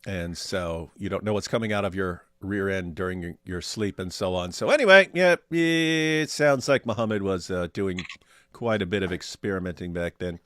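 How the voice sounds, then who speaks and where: A man's voice: deep voice, moderate pace, fairly bright tone, dry recording. A man co-hosting a casual livestream, reading viewer chat aloud with sardonic humor. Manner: sardonic, mock voices for quoted viewers.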